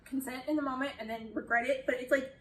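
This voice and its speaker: Chatty high-voiced woman critiquing a show. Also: fairly even intonation, fast, echoey room, far from the mic, a little hiss or hum, low-quality recording. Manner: chatty, exasperated, swears casually. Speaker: video essayist. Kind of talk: casual critique chat.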